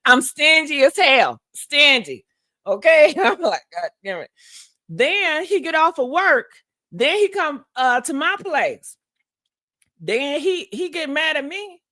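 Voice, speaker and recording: A woman's voice: high-pitched, sing-song, takes it slowly, sharp tone, no echo, clean studio sound. A woman vlogger casually telling a personal story to her viewers, frank and profane, laughing often.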